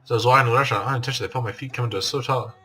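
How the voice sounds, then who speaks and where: Brisk, bright-voiced man reading a game. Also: medium pitch, steady tone. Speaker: game narrator and voice reader. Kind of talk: reading a visual novel aloud with voices.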